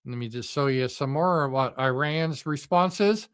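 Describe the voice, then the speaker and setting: A man's voice: medium pitch, moderate pace, fairly bright tone, clean tone. A middle-aged man hosting a live political commentary stream, speaking off the cuff in a profane, sarcastic and mocking way with frequent fillers.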